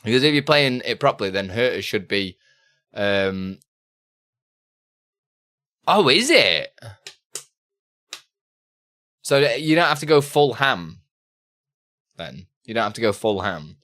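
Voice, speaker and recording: A man hosting a casual live stream, talking loosely and laughing between chat questions. His voice is bright and forward. His pitch swings widely as he talks. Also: very animated, takes it slowly, pauses often. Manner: chatty and loose, reads chat aloud, laughs often.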